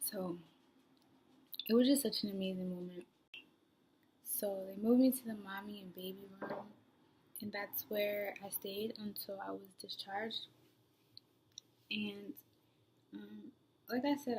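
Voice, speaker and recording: A young new mother vlogs her own story in a casual, rambling way, full of "like" fillers, now and then sinking to a soft near-whisper. Her medium-pitched voice stays steady and a little slow, with long pauses. Faint background noise can be heard.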